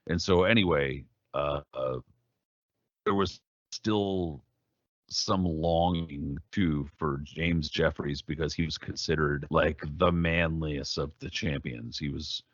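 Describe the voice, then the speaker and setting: A man co-hosting a podcast, telling a story in casual chat, profane and animated, slipping into quoted voices. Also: rumbling low, slow pace, no echo, dull audio. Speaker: podcast co-host.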